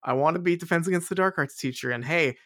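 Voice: medium pitch, fast, a bit bright, dry recording, clean studio sound, voice pushed up, lightly acted. A podcast host lightly putting on an offhand teacher making lame excuses. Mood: flippant. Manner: casual, flippant excuses.

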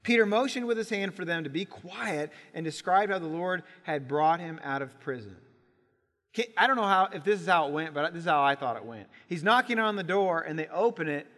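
A man delivers a Sunday sermon, his voice high-pitched and bright. He tells the story with animation, slipping into voices for the people in it. The sound carries a long reverb, the way it does in a church sanctuary. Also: expressive, brisk. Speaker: pastor.

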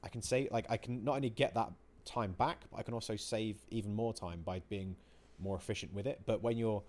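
Animated sweary man chatting. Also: lowish voice, brisk. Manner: animated, swears freely, acts out his own quoted outbursts. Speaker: podcast co-host. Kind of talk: casual chat.

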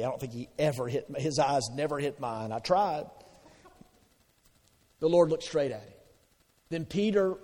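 A man's voice: fairly high pitch, mellow, long reverb tail. A man preaching a sermon in a conversational way, asking the congregation questions and answering them. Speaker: pastor.

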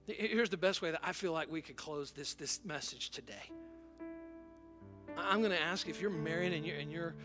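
A man's voice: fairly high pitch, normal speed. A middle-aged male pastor preaching a sermon in an earnest way, often repeating words and restarting. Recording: music playing softly behind.

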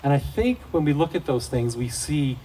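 A man's voice: mid-range voice, animated, normal speed, warm tone. A middle-aged man giving a casual devotional talk to fathers, telling folksy, joking stories about family life. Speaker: Christian speaker for fathers. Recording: distant mic, faint outdoor noise.

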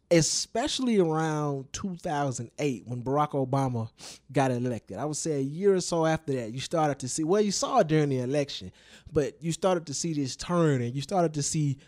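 A man co-hosting a chatty podcast, his voice sitting a little high. He talks loose and profane, with emphatic turns and frequent check-ins with his co-host. The sound is dry and close, with no room around it. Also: darkish tone, no room sound. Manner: loose, profane, emphatic, keeps asking "you know what I'm saying?". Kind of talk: casual chat.

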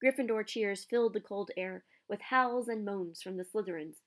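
A woman narrating a storybook aloud with an expressive reading. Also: mid-range voice, normal speed.

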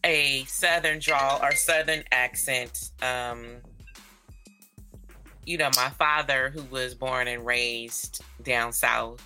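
A woman from Northern California co-hosts a podcast in an easygoing, slangy chat. Her voice is sharply forceful and bright, set against faint music. She laughs easily as she talks. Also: extremely low pitch, fairly even intonation, slow. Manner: slangy, laid-back, laughs often. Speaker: podcast co-host.

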